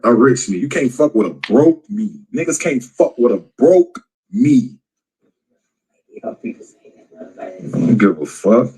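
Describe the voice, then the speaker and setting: A man's voice: medium pitch, lively intonation, takes it slowly, long pauses, warm tone, slightly rough, poor audio. A man in a played clip ranting heatedly and profanely, repeating himself. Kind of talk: casual rant in a clip.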